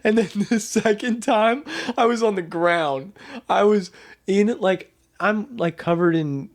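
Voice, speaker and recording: Young man, slightly high voice, laid-back rambling chat, laughs as he tells it. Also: unhurried. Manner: rambling storyteller, laughs while telling. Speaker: podcast co-host. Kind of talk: casual chat.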